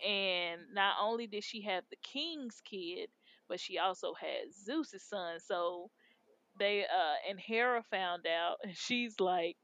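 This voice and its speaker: A woman's voice: mid-range voice, measured pace, fairly bright tone, muffled recording. A woman co-hosting a casual podcast chat, retelling shows in a slangy, laid-back way with lots of fillers. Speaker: podcast co-host.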